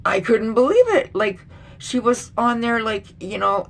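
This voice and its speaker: A woman's voice: fairly high pitch, a little slow, gravelly. A middle-aged woman vlogger ranting bluntly and with lots of swearing in a casual commentary. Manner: blunt, profane, indignant.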